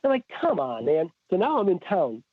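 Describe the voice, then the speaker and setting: A man with a voice that sits high tells a story at a moderate pace, guesting on a podcast in casual chat. He gets animated and acts out the dialogue he quotes. There is no echo, and the sound is tinny, like a phone-based remote call.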